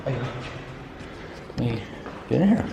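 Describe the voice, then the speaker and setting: A man's voice: medium pitch, lively intonation, drawn-out words, gravelly. A man vlogging casually as he walks around a city, chatty, rambling and self-mocking. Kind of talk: casual vlog chat. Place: outdoors in a city, walking about. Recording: noisy street recording.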